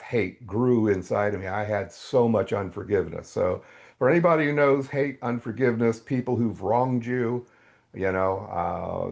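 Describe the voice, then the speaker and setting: An older man, a podcast guest, telling a faith testimony as an animated storyteller whose voice leaps up when excited. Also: low-pitched, creaky.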